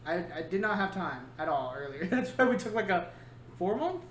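A man hosts a casual podcast chat, rambling, joking, and laughing often in a high-pitched, sing-song voice at normal speed with a slightly bright tone. The recording has an echoey room and faint noise.

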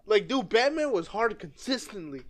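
A man's voice: high voice, big pitch swings, moderate pace. A young man in profane, boisterous banter with friends. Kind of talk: casual banter among friends. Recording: noisy group chatter behind.

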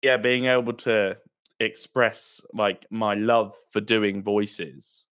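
A man with a slightly low voice talks casually as a podcast guest. He is relaxed and chatty, filling his sentences with "like" and "um" as he goes. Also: slow pace, clear, resonant tone. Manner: laid-back, chatty, peppered with "like" and "um". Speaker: guest, tabletop role-play player. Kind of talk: casual chat.

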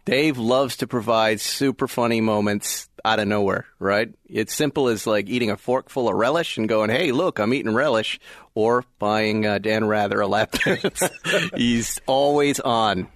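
A man's voice: fairly low pitch, no echo. A man hosting a car radio show, chatting casually and reading ads in an upbeat way with frequent laughs. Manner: upbeat, laughs often, quick asides. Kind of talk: casual chat and read ad.

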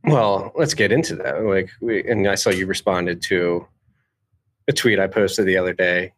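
A man hosting a casual podcast conversation, speaking in a halting way with many fillers and restarts. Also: low voice, fairly bright tone, slight background noise. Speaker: podcast host.

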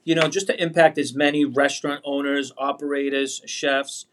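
A man in his forties with a Boston accent speaks as a podcast guest over a video call. He is earnest and heartfelt, drifting from thought to thought. His pitch stays fairly level throughout. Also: little pitch movement, moderate pace, fairly bright tone. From Boston area, USA. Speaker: pasta manufacturer, guest. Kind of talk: casual interview chat.

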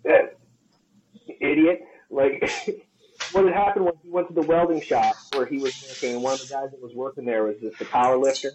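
A man's voice: medium pitch, normal speed, a little hiss or hum, rough recording. A man co-hosting a podcast as a personal trainer, telling a story casually and profanely and acting out the quoted lines. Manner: profane, animated storyteller who acts out quotes.

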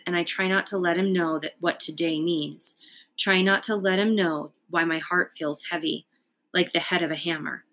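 A woman reading a children's book aloud in a calm, unhurried way. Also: fairly low pitch. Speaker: storyteller.

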